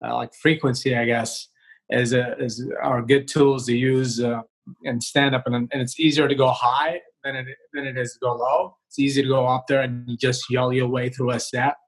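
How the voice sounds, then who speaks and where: A male comedian talking casually in an interview over a video call, relaxed and rambling with many fillers and restarts. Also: medium pitch, moderate pace, husky, poor audio. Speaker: comedian guest. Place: home, remote video call.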